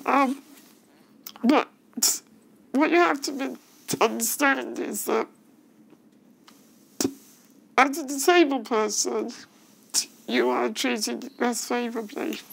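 Tearful woman, high creaky voice. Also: steady tone, a bit bright, rough recording. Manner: halting, emotional, restarts often. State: tearful, voice breaking. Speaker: witness giving evidence. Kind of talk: testimony at a public inquiry. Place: hearing room.

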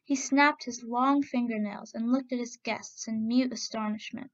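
A woman narrating a folk tale in a steady, expressive reading voice. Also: a little high, normal speed, muffled recording. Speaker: storyteller. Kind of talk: storybook narration.

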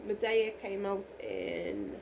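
A woman with a hoarse voice, gushing excitedly and emotionally in a casual unboxing vlog. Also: mid-range voice, slow pace, noisy background. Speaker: vlogger.

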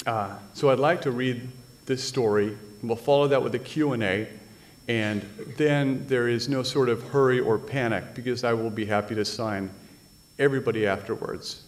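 A man's voice: medium pitch, slight background noise. Wry middle-aged man telling stories. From United States (Washington State). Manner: dry, wry storytelling with deadpan punchlines. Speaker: author. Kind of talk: reading and storytelling at a live literary event.

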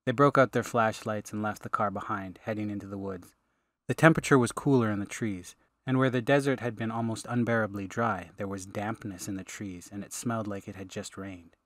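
A man, the author, reading his fantasy audiobook in steady, measured narration. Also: fairly low pitch, no echo, studio quality. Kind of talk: scripted narration.

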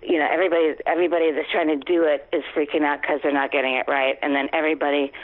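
A woman in her fifties, a guest actress, telling stories in a chatty, animated way and acting out quoted lines. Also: deep voice, rapid-fire. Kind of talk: casual interview storytelling. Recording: tinny phone line.

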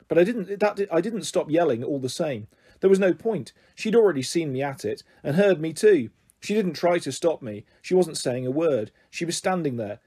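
A man reading a children's book aloud with lively, expressive narration, as the story's host. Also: fairly high pitch, husky. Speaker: story reader.

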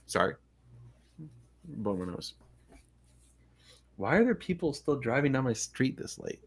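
A man's voice: mid-range voice, sing-song, a little slow, slightly rough. Casual male streamer, middle voice, rambles and chuckles. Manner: laid-back, rambling, laughs often. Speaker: podcast host. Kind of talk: casual livestream chat.

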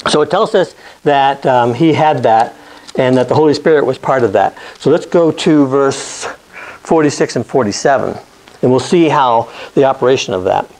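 A man's voice: medium pitch, normal speed, darkish tone, low-quality recording. A man teaching an informal Bible lesson. He talks conversationally, often checks in with "okay?" and restarts or corrects himself mid-sentence.

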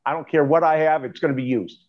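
A man's voice: a little high, fairly even intonation, fast talker, no echo. Casual male co-host, rambly storyteller, muffled dry sound. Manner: rambling, restarts and loose anecdotes. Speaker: co-host on a live stream. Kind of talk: casual chat.

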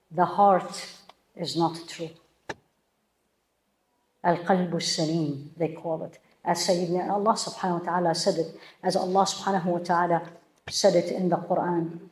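A woman's voice: lowish voice, darkish tone, roomy sound. A woman teaching a religious lecture to a room of women, emphatic and full of rhetorical questions to her listeners. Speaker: Islamic teacher.

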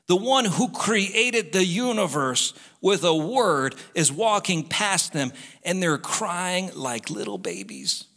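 A man's voice: on the high side, pushed and bright, slightly rough. A male pastor preaching a sermon in an impassioned way, pressing the congregation again and again. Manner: impassioned, repetitive exhortations, talks straight to the congregation. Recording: church hall reverb.

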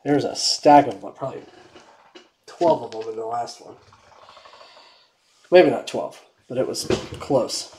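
A woman hosting a trading card break, giving casual running commentary and dropping to quiet mutters while she checks cards. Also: rumbling low, a little slow, long pauses, noisy background.

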